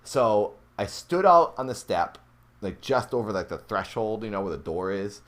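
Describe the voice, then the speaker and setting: Speaking at a moderate pace, a young podcast host casually shares a true ghost story from his younger days. He's animated throughout, and his pitch rises at the tense moments.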